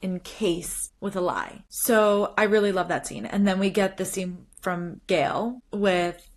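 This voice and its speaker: A woman's voice: medium pitch, slow. A woman hosting a podcast, talking casually and animatedly, retelling scenes with quoted lines and frequent "like" fillers. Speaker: podcast host. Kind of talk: casual solo commentary.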